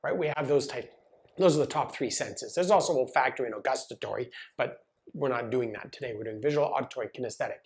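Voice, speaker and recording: Guy coaching massage therapists, casual and lively, talks right at you. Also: mid-range voice, quick pace. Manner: casual, animated, talks to the viewer directly. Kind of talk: direct-to-camera teaching video.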